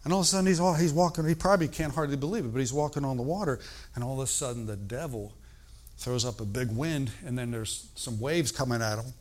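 An older man preaching a sermon, animated and emphatic, moving between loud outbursts and hushed, slow emphasis. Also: mid-range voice.

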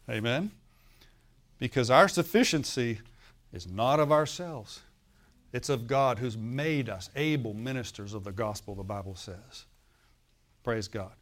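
A man's voice: medium pitch, a little slow, long pauses. A male pastor preaching a sermon, telling a story and often asking the congregation for an amen, with a laugh now and then.

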